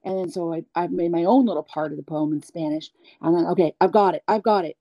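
A woman being interviewed as a guest singer, talking candidly and at length, animated, acting out the people she quotes. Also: on the low side, fast talker, no room sound, dull audio. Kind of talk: candid storytelling chat.

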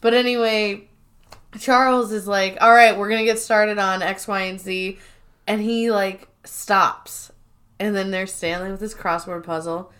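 A woman's voice: mid-range voice, fairly even intonation, a little slow, fairly bright tone. A woman co-hosting a podcast in casual chat, recapping episodes and acting out quoted lines. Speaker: podcast co-host.

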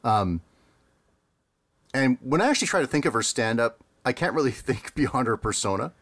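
A man co-hosting a casual podcast chat, rambling and amused, with many fillers and quick laughs. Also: mid-range voice, animated, fairly bright tone. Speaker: podcast co-host.

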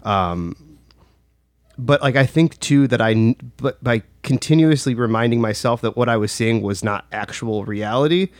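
A man's voice: medium pitch, moderate pace, dry recording, clean studio sound. A man telling a personal story in casual chat, rambling with lots of "like" and restarts. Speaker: storyteller recounting a personal experience.

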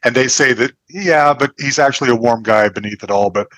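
Bright-voiced man hosting a book interview. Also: medium pitch, a little fast, dry recording. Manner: curious, thinking aloud with restarts. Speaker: book podcast host. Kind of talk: conversational interview.

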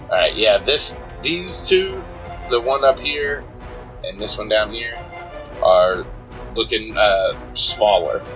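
A man narrating as game master, relaxed and chuckling, with plenty of fillers. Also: on the low side, takes it slowly, soft background music, rough recording.

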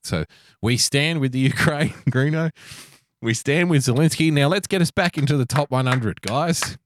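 A man's voice: a little high, moderate pace, dry recording, studio quality. A man co-hosting a podcast, riffing sarcastically in a mock-grand tone. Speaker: podcast co-host. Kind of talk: casual chat.

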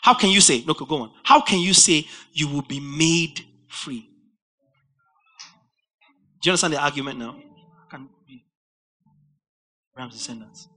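A man preaching a verse-by-verse Bible study sermon, animated and rising to near-shouts for emphasis. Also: on the high side, a little slow, long pauses.

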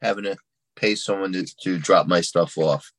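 A man's voice: sits low, moderate pace, no room sound. A man, a guest on an interview show, answering in a plainspoken, matter-of-fact way. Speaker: guest, card dealer. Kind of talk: casual interview chat.

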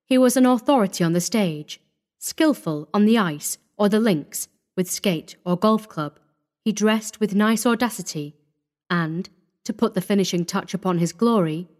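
A woman's voice: medium pitch, darkish tone. Woman reading a classic story aloud. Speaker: audiobook narrator. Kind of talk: scripted narration.

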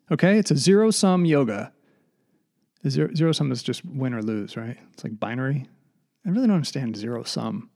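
A man's voice: mid-range voice, animated, a little fast, vocal fry, warm tone. A man hosting a solo comedy podcast, rambling and self-deprecating, slightly out of breath. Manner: self-deprecating, digressive, mock voices. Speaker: podcast host. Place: basement room.

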